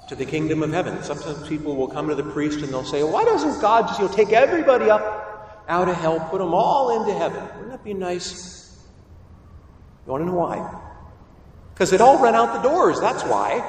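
A man preaching a sermon as a priest, animated and acting out the voices he quotes. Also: fairly high pitch, a little hiss or hum. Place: large church. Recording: echoey church heard from a distance.

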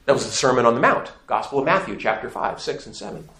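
A man's voice: medium pitch, expressive, fast, fairly bright tone. A man teaching a faith class to a live audience, emphatic and asking the room questions. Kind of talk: lively classroom lecture. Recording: echoey room.

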